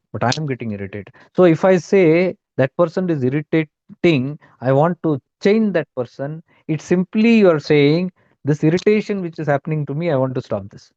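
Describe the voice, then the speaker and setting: A man's voice: fairly high pitch, mellow, muffled recording. A man with an Indian accent giving a spiritual talk as a teacher, emphatic and repetitive, slipping Hindi words into his English. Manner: emphatic, repeats key points, mixes in Hindi words.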